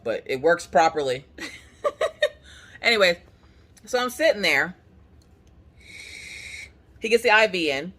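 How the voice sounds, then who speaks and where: A woman vlogging casually from her couch, telling a story with animated energy and acting out what people said. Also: extremely low pitch. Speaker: crafting vlogger. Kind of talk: casual chat. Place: home, on a couch.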